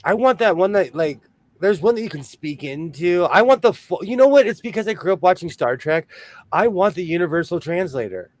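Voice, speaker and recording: A chatty man from Los Angeles, talking casually and quickly on a home livestream. His voice sits a little above the usual pitch for a man. He laughs easily and keeps the conversation rolling. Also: expressive, no room sound. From San Fernando Valley, Los Angeles. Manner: quick, chatty, laughs often, reads viewer comments aloud. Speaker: co-host of a sewing livestream.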